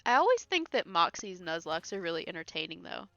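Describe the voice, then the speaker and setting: A woman's voice: on the low side, sing-song, a little fast, a bit bright, dry recording, muffled recording. A woman streamer chatting casually while playing a video game, giggling and talking to her chat between asides. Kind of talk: casual let's-play commentary.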